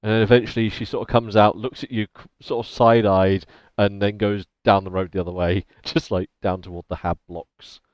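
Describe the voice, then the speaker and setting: A man's voice: on the low side, little pitch movement, a little fast, few pauses, a little mellow, no echo. A man narrating a tabletop game as game master, describing scenes in detail and laughing often. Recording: dry, dull lo-fi recording.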